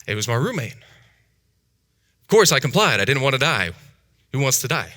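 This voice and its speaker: Animated man telling a harrowing story. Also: normal speed, no room sound, studio quality. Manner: animated, acts out voices, big pitch jumps and hushed drops. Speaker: speaker telling his life story. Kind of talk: dramatic personal storytelling talk.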